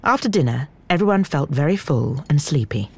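Very low-voiced woman narrating. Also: animated, fairly quick, a little hiss or hum. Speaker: audiobook narrator. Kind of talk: scripted narration.

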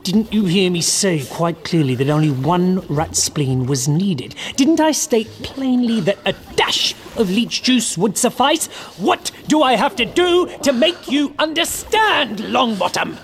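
A woman voicing a cold, contemptuous male teacher who speaks with quiet menace. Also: mid-range voice, lively intonation, a little slow, slight background noise, pitched above the performer's own voice, natural voice. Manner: icy, contemptuous, dangerous.

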